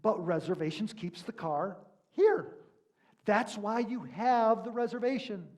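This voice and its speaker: A man's voice: sits high, big pitch swings, measured pace, darkish tone. A man playing an agitated male comedian arguing at a rental counter, insistent and rising in emphasis. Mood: puzzled.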